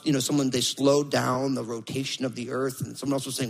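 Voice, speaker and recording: High, bright-voiced preacher in a reverberant hall. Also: male voice, brisk, gravelly, hardly any pauses. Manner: animated storytelling, acts out quotes. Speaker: pastor. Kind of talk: sermon.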